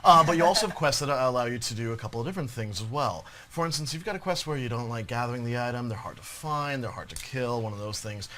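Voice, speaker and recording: A hoarse man with a bright, forceful voice talks quickly through a game demo. He is jokey and enthusiastic. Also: mid-range voice. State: hoarse, throaty. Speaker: game presenter. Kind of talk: live game stream demo.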